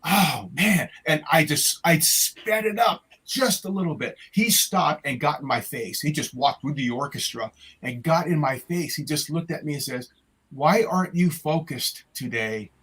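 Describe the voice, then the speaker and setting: An older man with a husky, slightly breathy voice, recounting memories as an interview guest. He tells his stories haltingly, with many fillers and restarts, over a video call. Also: fairly high pitch, fairly bright tone, poor audio. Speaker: retired music educator, guest. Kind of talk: conversational storytelling.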